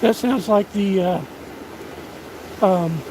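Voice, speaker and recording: A man's voice: high voice, slow pace, background noise. A man, chatting in a folksy, rambling way while out of breath. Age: 60s. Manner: rambling, folksy, self-deprecating. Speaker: vlogger. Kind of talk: casual outdoor livestream chat. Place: outdoors in rural woods. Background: outdoor ambience and a passing train.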